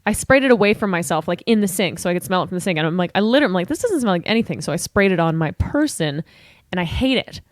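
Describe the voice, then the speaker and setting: A woman's voice: lowish voice, lively intonation, fast, dry recording. A woman co-hosting a podcast, telling stories in a candid, self-deprecating way into a handheld mic. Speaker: podcast co-host. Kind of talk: casual chat. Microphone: handheld microphone.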